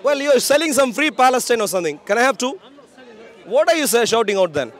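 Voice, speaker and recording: A man preaching in the open air on a city street, his voice sitting very high as he projects loudly to passersby. He argues in a confrontational way, pressing people to answer him. A faint murmur of a crowd is heard behind him. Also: sing-song, fast talker.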